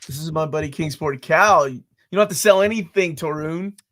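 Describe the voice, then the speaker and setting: A man's voice: a little high, fairly quick, fairly bright tone. Laid-back man hosting a chatty interview. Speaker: interview show host. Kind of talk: casual interview, reading viewer comments.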